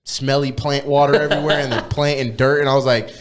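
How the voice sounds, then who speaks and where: A young man co-hosting a podcast, telling stories in casual, slang-heavy chat with lots of swearing, and getting loud when he gets worked up. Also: medium pitch, steady tone, fast talker, a loud crowd. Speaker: podcast co-host.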